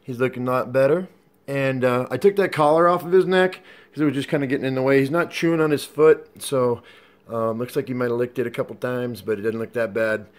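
A man vlogging on a phone camera, chatting casually and cooing at his dog in a higher, softer voice. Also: brisk.

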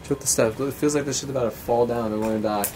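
A man's voice: medium pitch, steady tone, racing, background noise. A young man exploring an abandoned house with a friend, teasing him and urging caution. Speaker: vlogger's friend. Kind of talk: casual chat.

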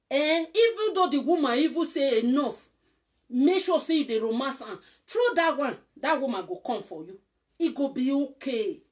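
A woman with a Nigerian accent giving casual relationship advice, coaxing and repetitive, often checking that she is understood. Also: high voice. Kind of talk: casual instructive talk.

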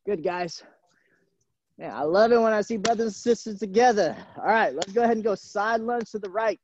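A man's voice: sits high, a little fast, a little mellow, lo-fi sound, slight background noise. A man coaching a live online gymnastics class, encouraging the kids and calling them by nickname. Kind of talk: live virtual fitness class. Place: gym. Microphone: camera mic on a video call.

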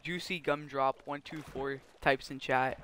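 A man's voice: mid-range voice, fairly even intonation, a little slow, background noise. A man streaming a survival game, chatting and joking goofily with friends and chat. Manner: goofy, joking, bantering with chat. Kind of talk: casual gaming chat.

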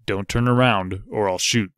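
Man doing a calm deadly archer, coolly threatening, low voice, dry. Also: normal speed, no room sound, close to an everyday voice.

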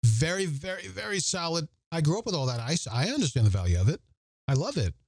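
On his reflective Catholic podcast, an earnest host reads scripture aloud and then talks it through, repeating phrases for emphasis. His mellow, warm voice is a little high and husky, quick-paced with big pitch swings, recorded dry and close with no room sound.

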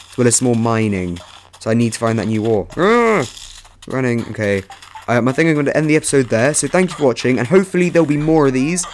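Young male let's-play host, mid-pitched, rambling and chatty, sudden yelps, faint hiss behind. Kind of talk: casual gameplay commentary.

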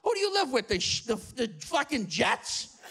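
Brief: irate old New Yorker guy hollering at the street, high and gravelly, played by a comic. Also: sing-song, unhurried, exaggerated voice. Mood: outraged. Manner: outraged yelling into the street. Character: cranky old retired male New Yorker. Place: apartment, live audience.

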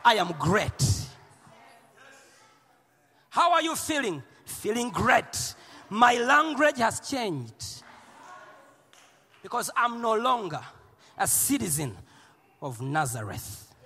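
A man from Uganda preaching a sermon in a church, shouting and playful, with call and response. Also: high voice, big pitch swings, slow, long pauses, husky. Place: large church hall. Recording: long hall reverb.

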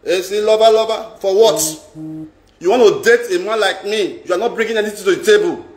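A man's voice: high-pitched, brisk. A Nigerian man telling a story in a dramatic, repetitive, boastful vlog rant. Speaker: vlogger. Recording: roomy echo.

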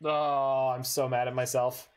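A man's voice: medium pitch, level tone, measured pace, clear, resonant tone. Swearing, easily frustrated male gamer. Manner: talks to himself while playing. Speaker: gaming streamer. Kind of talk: casual gameplay commentary.

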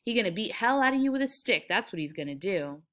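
A woman's voice: mid-range voice, very animated, quick pace, a bit bright. A woman reading aloud the part of a gigantic talking rabbit who speaks scornfully. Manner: scornful, sneering.

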